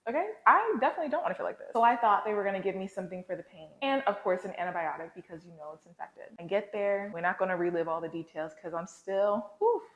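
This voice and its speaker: A woman with a somewhat low voice shares a confessional faith story, talking to her viewers in a casual, slangy way. The sound is roomy, with a clear echo around her. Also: fast talker, few pauses, muffled recording. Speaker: lifestyle vlogger. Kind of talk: candid faith storytelling to camera.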